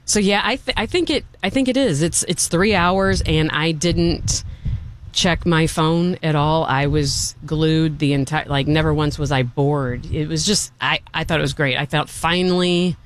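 A man's voice: on the high side, a little slow, fairly bright tone, slight background noise. A man reviewing a film in casual chat, enthusiastic and rambling, often restarting his sentences.

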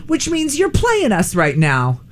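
Lively female radio co-host, playful and teasing, with a pitch that leaps around. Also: unhurried. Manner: animated, teasing, squeals high when excited. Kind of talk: playful radio banter with a child guest.

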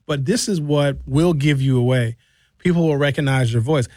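A middle-aged man hosting a radio show, talking in an animated, opinionated way and sometimes acting out other people's voices. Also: medium pitch, moderate pace, no echo, clean studio sound. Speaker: radio host. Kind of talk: casual talk radio banter and commentary.

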